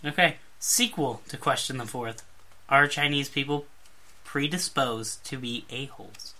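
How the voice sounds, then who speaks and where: A woman's voice: rumbling low, measured pace, bright, forceful tone. A woman co-hosting a casual comedy podcast, joking around as she reads out listener questions. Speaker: podcast co-host.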